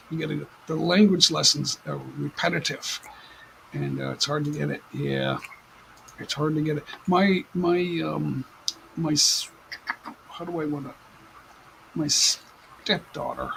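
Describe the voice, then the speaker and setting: An American man hosting a casual livestream chat from home, rambling and halting with many fillers and restarts, sitting a little back from his desk mic. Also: fairly high pitch, vocal fry, bright, forceful tone, a little hiss or hum, poor audio. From United States. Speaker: livestream host. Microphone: desk mic at some distance.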